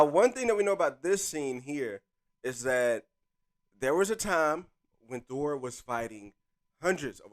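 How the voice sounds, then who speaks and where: A man hosting a live stream in casual chat, hyped and talking straight to his viewers through a desk microphone. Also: mid-range voice. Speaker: streamer host.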